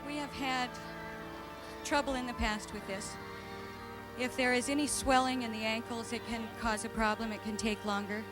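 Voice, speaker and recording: A woman assisting at a live stage act, explaining the procedure in a calm, matter-of-fact way. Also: a little high, moderate pace, over music.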